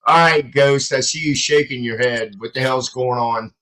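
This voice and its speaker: A man's voice: medium pitch, normal speed, fairly bright tone, poor audio. A man in his fifties hosting a casual panel chat, telling rambling anecdotes and laughing often. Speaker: podcast host.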